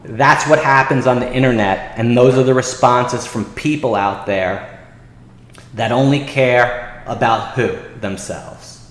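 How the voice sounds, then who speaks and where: A man hosting a trading show, telling an indignant story and reading messages aloud in a lively, exasperated way. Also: medium pitch, measured pace. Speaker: day trading show host. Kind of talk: casual livestream talk. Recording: echoey room with long reverb.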